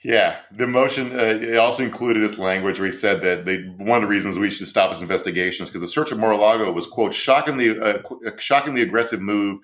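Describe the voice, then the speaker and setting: A man's voice: on the low side, quick pace, hardly any pauses, a bit bright. A man co-hosting a casual political podcast, talking in a wry, sardonic way and laughing at his own points. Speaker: podcast co-host.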